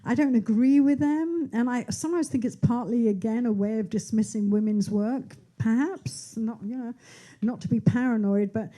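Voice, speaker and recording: A woman's voice: fairly high pitch, moderate pace, hardly any pauses, dark tone. A woman in her sixties, an author speaking at her book launch in a bookshop, chatty and rambling with many restarts and asides. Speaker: author being interviewed. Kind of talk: onstage conversation at a book launch. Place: bookshop event in front of an audience.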